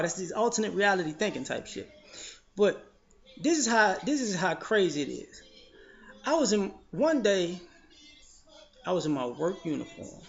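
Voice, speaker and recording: A man giving a blunt, profane commentary monologue, telling stories in an animated way. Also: high-pitched, normal speed, creaky, pauses often. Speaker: vlogger. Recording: slightly dull lo-fi audio.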